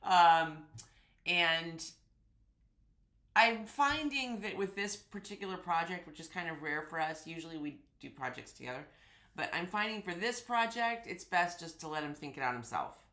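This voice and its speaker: A woman's voice: lowish voice, expressive, moderate pace, fairly bright tone. A woman hosting a live sewing stream, chatting casually and greeting viewers by name, sounding congested. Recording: echoey room.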